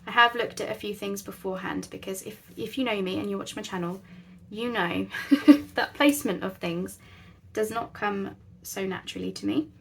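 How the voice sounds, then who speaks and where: A woman talks through a craft project in a relaxed, rambling way, often poking fun at herself. Her mid-pitched voice has a gravelly, creaky edge, and faint noise sits in the background. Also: moderate pace. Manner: chatty, rambling, self-deprecating. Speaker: crafting channel host. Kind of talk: casual craft tutorial chat.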